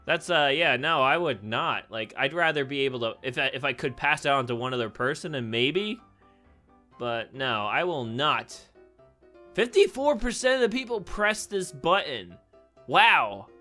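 A man's voice: mid-range voice, lively intonation, normal speed, pushed and bright. A young man commenting casually on a quiz game, rambling, thinking aloud and laughing often. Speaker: gaming YouTuber. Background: faint background music.

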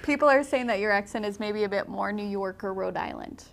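A woman's voice: mid-range voice, a little fast, gravelly. A young woman hosting a live painting stream, chatting casually, laughing often and reading viewer comments aloud. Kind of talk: casual chat while painting. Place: art studio, indoors.

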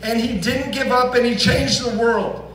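A man's voice: very high voice, fairly even intonation, normal speed, a bit bright. A man preaching a sermon as pastor, earnest and emphatic, asking the congregation pointed questions. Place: church sanctuary. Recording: roomy, distant church recording with faint hum.

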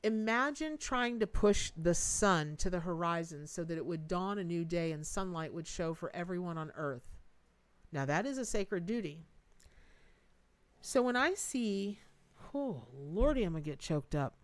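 A woman's voice: lowish voice, expressive, measured pace, clear, resonant tone, no echo. A middle-aged woman hosting a live tarot reading, chatty and emotive, thanking viewers as she goes. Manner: folksy and emotive, thanks donors, says y'all and Lordy. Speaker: tarot reader and livestream host.

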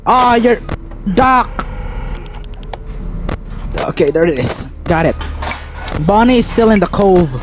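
A man's voice: high voice, animated, moderate pace. Frantic, swearing young-sounding man gaming. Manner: frantic, swears constantly, panicky outbursts. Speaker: gameplay streamer. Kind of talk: live horror game commentary. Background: game music.

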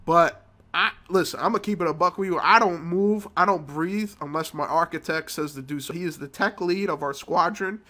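Male gaming vlogger with a cold, loose profane storyteller, tense bright tone. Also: a little high, a little fast. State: sick with a cold. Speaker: mobile game channel host. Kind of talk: casual gameplay commentary.

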